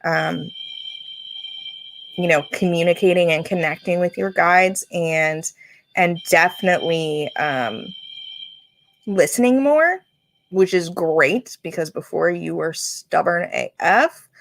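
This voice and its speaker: A woman's voice: fairly low pitch, animated, slow pace, no room sound. A woman giving a casual spiritual reading to a viewer on a livestream, chatty and laughing often, with lots of fillers and restarts. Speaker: psychic reader on a livestream. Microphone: livestream setup.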